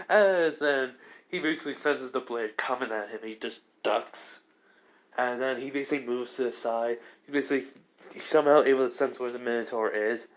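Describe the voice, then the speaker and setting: A man casually narrating a fan-made story off the cuff. He rambles, circling back with fillers and restarts. His pitch stays in a middle range. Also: brisk.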